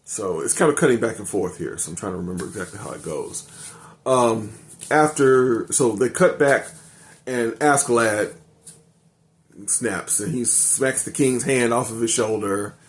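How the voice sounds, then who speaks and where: A man's voice: fairly low pitch, moderate pace. An older man casually reviewing an anime episode, rambling and correcting himself as he recaps the plot. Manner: rambling, self-correcting recap with many ums.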